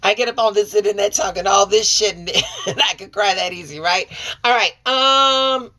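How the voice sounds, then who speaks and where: A woman from Chicago hosting a tarot reading channel, talking casually and warmly to her viewers and calling them y'all and honey. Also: mid-range voice, moderate pace. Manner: folksy and chatty, calls listeners y'all and honey; warm and sincere toward viewers. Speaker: tarot and oracle reader, channel host. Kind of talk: casual direct-to-camera chat.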